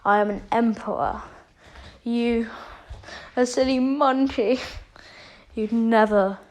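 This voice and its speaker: A woman's voice: fairly high pitch, steady tone, slow pace. A woman voicing a gloating male alien emperor who taunts his opponent in a retold fan story. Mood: mocking. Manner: taunting, smug.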